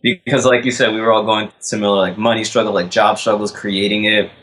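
A man's voice: lowish voice, level tone, brisk, a bit bright. A man in a band talking in a laid-back, slangy, rambling way during a casual chat. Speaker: band member.

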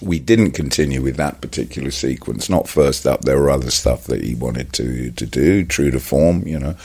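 A man's voice: a bass voice, normal speed, dark tone, breathy edge. A man telling a long, rambling anecdote as an interview guest, full of "uh" and "you know". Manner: rambling storyteller with many fillers and restarts, acts out quotes. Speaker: guest actor.

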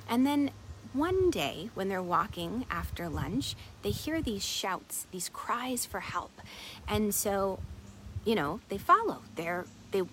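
A middle-aged woman coach telling a parable, expressive with soft hushed moments. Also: mid-range voice, a little hiss or hum, poor audio. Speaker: wellness coach. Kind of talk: storytelling talk.

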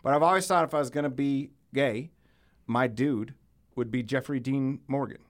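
A man hosting a podcast, telling loud, animated stories in casual chat and swearing freely. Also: mid-range voice, moderate pace. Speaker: podcast host.

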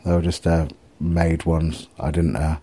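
Speaking in a level tone at a measured pace, this middle-aged vlogger wanders through a laid-back video diary with self-mocking, profane humor. His voice is very deep and husky, dark and mellow in tone.

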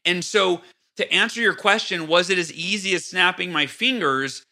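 A man with a high, very bright and forceful voice tells stories in a casual podcast chat. He acts out his own past outbursts with lively energy, then settles back into calm explanation. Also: normal speed. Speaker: podcast guest. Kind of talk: casual interview talk.

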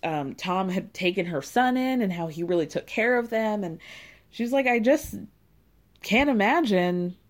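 A woman's voice: mid-range voice, animated, normal speed. A woman in a casual, chatty recap, her tone sarcastic and gossipy. She keeps breaking into laughter and whoops as she picks apart what she saw. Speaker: podcast host recapping a reality show.

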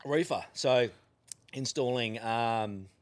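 A man with an Australian accent, appearing as a podcast guest, takes his time spinning casual, animated yarns full of frequent swearing. His voice is medium in pitch.

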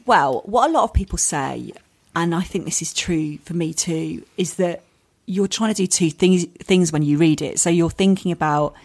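A woman's voice: fairly low pitch, normal speed, a little mellow. An English woman in her forties, a comedian and author chatting as a podcast guest, laughing often and poking fun at herself. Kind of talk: casual podcast chat.

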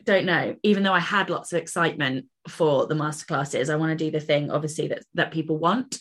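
A woman co-hosting a casual podcast, thinking aloud as she talks. Her voice sits low but sounds bright and crisp. She speaks in quick bursts and often restarts her sentences. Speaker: podcast co-host, author.

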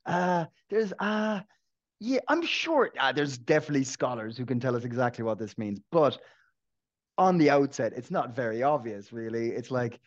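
A man's voice: mid-range voice, expressive, moderate pace, dull audio. A man co-hosting a casual podcast, joking and laughing often as he talks, with frequent restarts. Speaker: podcast co-host.

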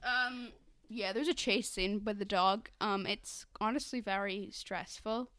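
A woman's voice: medium pitch, fairly even intonation, unhurried, fairly bright tone, dry recording, studio quality. A young woman co-hosting a podcast, chatting casually and retelling scenes with lots of giggling. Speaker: podcast co-host. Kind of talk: casual chat.

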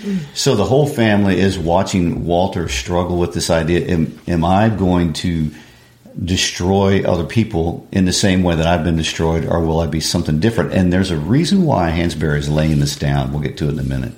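A man's voice: deep voice, brisk, darkish tone. A man, a literature teacher, discussing a play in a laid-back, affirming way. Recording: echoey room.

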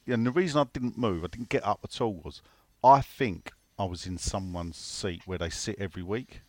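A man's voice: fairly low pitch, dry recording. A man co-hosting a casual football podcast, rambling through stories, swearing freely and reading out listener questions. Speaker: podcast co-host.

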